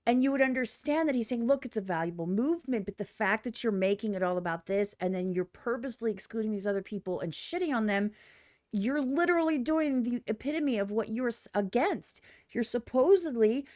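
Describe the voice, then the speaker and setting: A woman's voice: on the high side, animated, fairly quick, a little mellow, no echo, studio quality. A woman streamer giving blunt, profane reaction commentary on a music video, often mimicking other people in exaggerated voices.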